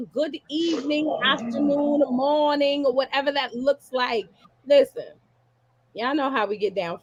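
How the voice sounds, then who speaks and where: Hosting a lively podcast over video chat, a woman comedian from Baltimore keeps firing hyped, repeated shout-outs at her audience. Her pitch is medium.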